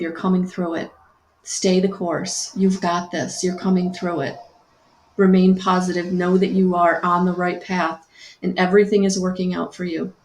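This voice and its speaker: Calm low-ish woman doing a spiritual reading livestream, flat even delivery, roomy echo. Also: slight background noise. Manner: slow, soothing and repetitive, greets viewers by name. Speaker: spiritual guidance reader. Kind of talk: live-stream spiritual guidance talk.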